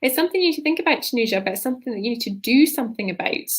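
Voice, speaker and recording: A woman's voice: a little high, animated, racing, slightly rough. A woman leadership coach talking on a live stream in a loose, rambling way, often tagging her sentences with "right?".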